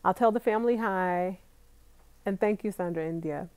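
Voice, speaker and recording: Woman vlogger, young adult, chatty and laughing, middle-pitched voice, dry close sound. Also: normal speed, darkish tone, clear, resonant tone, no room sound. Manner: chatty, laughs often, talks straight to viewers. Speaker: vlogger reading live chat comments. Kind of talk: casual live-stream chat.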